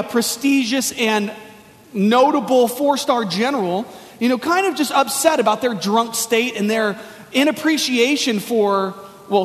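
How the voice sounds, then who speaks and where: A man with a very high voice preaches in a casual, storytelling style, easing into folksy slang as he tells his story. His voice rings out with the long reverb of a large hall. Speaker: pastor. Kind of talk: sermon.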